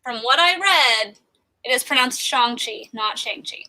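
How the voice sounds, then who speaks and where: A woman guest chats casually on a podcast in an upbeat way. Her voice is high and very bright. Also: expressive, normal speed, rough recording. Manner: upbeat, plugging her channels. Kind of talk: casual chat.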